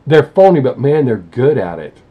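A man's voice: medium pitch, sing-song, moderate pace, slightly rough, highs cut off. A man hosting a music reaction channel, talking bluntly and rambling, often correcting himself mid-sentence. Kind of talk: casual opinionated talk to camera.

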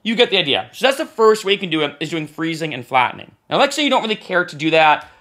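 Bright fairly high guy walking thru music software, casual, keeps saying right. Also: sing-song, quick pace. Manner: casual, talks while clicking, says "right?" often. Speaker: music production tutor. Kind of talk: screen-recorded software tutorial.

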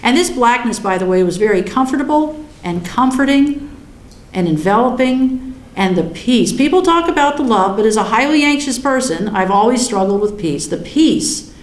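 Older woman, lively storyteller, slightly high voice, roomy reverberant sound. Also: normal speed. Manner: animated, chatty, laughs often. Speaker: guest recounting a near-death experience. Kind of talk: personal storytelling in conversation.

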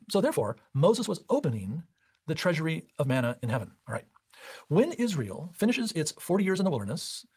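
Animated husky male Bible teacher. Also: fairly high pitch. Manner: explains step by step with rhetorical questions. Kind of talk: recorded Bible study lecture.

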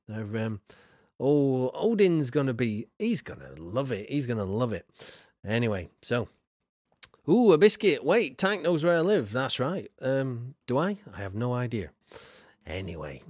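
A man's voice: mid-range voice, dry recording, studio quality. A man streaming a building game, chatting casually with viewers and rambling with lots of fillers. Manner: many fillers and trailing asides. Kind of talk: casual livestream chat while building in a game.

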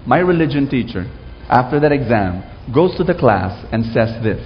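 A man's voice: medium pitch, big pitch swings, moderate pace, slight background noise. A man with a Filipino accent preaching a sermon to a live audience, drawing them into call-and-response. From Philippines. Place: large hall with a live audience. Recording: echoey hall, muffled sound.

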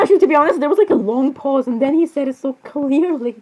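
A young woman doing a playful, giggly role-play with character voices, excitable and full of fillers and laughter. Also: high voice, fast talker, a little hiss or hum, poor audio.

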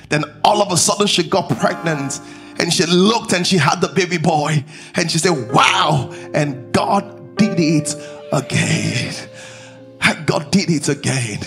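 High, bright-voiced man preaching a sermon. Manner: call-and-response preaching to a congregation; repeats phrases for emphasis. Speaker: pastor. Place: church service before a congregation.

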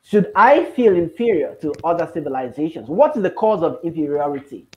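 A man moderating a panel discussion, putting questions to the speakers in quick strings. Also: fairly high pitch, very animated, highs cut off. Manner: asks questions in rapid strings, laughs easily.

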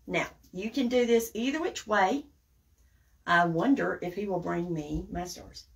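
A woman's voice: fairly low pitch, a little slow, vocal fry. A woman with a Southern accent hosting a live craft tutorial, chatting folksily with viewers as she works. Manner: chatty and folksy, addresses viewers as guys and y'all. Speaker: craft tutorial livestream host. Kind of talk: casual live craft demo, reading viewer comments.

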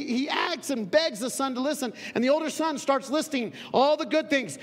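A male pastor preaching a sermon, telling a story in a conversational way with dramatic pauses. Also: extremely high pitch. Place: church sanctuary. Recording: long church hall reverb.

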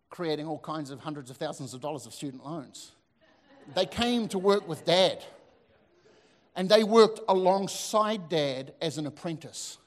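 A man, preaching a sermon as a pastor, telling lively stories with asides to the congregation. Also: a little high. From New Zealand. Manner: animated storytelling with asides to the audience. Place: church hall. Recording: long hall reverb.

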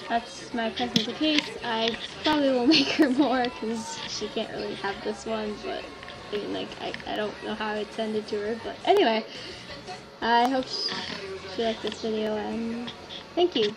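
A woman's voice: fairly high pitch, rough recording. A woman talking casually to camera in a rambling vlog, giggly and scatterbrained, often laughing at herself. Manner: giggly, scatterbrained, self-mocking. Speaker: vlogger.

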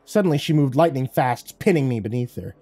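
Dark, mellow male horror narrator. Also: mid-range voice, animated, fairly quick, no echo, soft background music. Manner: dramatic first-person telling.

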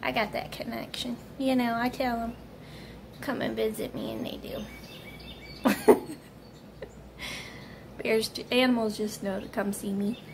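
Woman vlogger, casual ramble, slightly high voice with gravelly fry. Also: steady tone, a little fast, few pauses, a little hiss or hum. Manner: chatty and rambling. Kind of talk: casual chat to camera.

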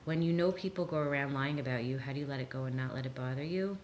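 Low-voiced earnest woman therapist. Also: fast, a little hiss or hum. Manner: earnest, reassuring, lively when quoting others. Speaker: therapist answering audience questions. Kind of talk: live Q&A talk.

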